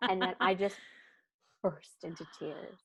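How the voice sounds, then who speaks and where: A woman from Canada, a podcast guest in casual chat, telling stories with animated acted-out quotes and casual swearing. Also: fairly low pitch, measured pace, gravelly, slightly rough. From Ontario, Canada.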